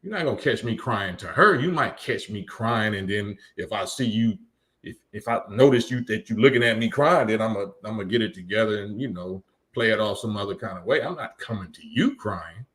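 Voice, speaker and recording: A man's voice: on the low side, lively intonation, a little fast, fairly bright tone. A man hosting a live stream, reading chat comments and lecturing emphatically, often repeating his points. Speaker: livestream host.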